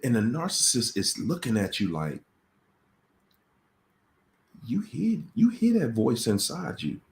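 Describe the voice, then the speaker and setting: A man's voice: mid-range voice, huge pitch swings, measured pace, gravelly. A man hosting a live question-and-answer stream, talking casually and dramatically, repeating phrases for emphasis and acting out voices in quoted dialogue. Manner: casual and conversational. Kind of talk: livestream talk on relationships.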